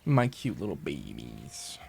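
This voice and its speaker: A man's voice: extremely low pitch, huge pitch swings, a little slow, creaky, mellow, a little hiss or hum. Chatty swearing man streaming a game. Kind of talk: casual gameplay commentary.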